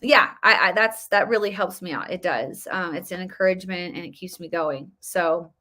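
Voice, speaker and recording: A woman's voice: lowish voice, normal speed, bright, forceful tone. A woman hosting a livestream, talking earnestly in a loose, preachy way and repeating phrases for emphasis. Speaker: host of a faith and politics livestream. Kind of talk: casual livestream talk with preaching.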